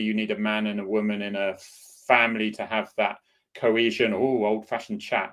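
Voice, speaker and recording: A man's voice: fairly low pitch, a bit bright. A middle-aged man, a former police officer, hosting a casual solo chat in a rambling, opinionated way. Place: home in Cornwall.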